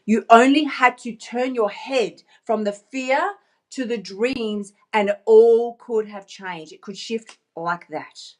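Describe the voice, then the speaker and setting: Brief: upbeat woman life coach, bit high-pitched, playful and emphatic, phone vlog. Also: slow. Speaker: motivational coach. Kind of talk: motivational vlog.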